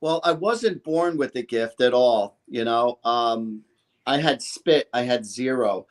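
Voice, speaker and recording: A man's voice: medium pitch, slow pace. A man in his fifties, a psychic guest on a talk show, talking in an emphatic, rambling way and acting out quotes. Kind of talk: animated talk show chat.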